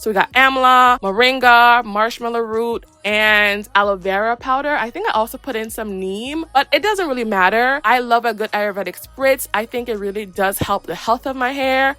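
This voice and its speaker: A woman's voice: on the high side, fairly bright tone, no room sound. A woman, talking through her hair wash routine in a chatty, playful voice-over full of sassy slang. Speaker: hair care vlogger. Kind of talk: casual voice-over tutorial.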